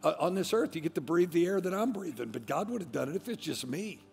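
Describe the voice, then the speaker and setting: A middle-aged man, a pastor, preaching a fiery sermon that swings from hushed tones to shouting. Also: fairly high pitch, lively intonation, quick pace, vocal fry. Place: large church sanctuary. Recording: long church-hall reverb, faint music.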